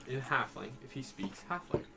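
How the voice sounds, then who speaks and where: Animated young man playing a tabletop game. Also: medium pitch, moderate pace, gravelly. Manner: animated, laughs often, talks to the table in character. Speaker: player. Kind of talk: in-character tabletop game chat. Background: music.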